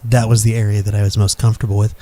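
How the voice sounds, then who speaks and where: A man on a casual podcast, calmly explaining, pausing with fillers. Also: fairly low pitch. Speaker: podcast co-host. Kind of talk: casual chat.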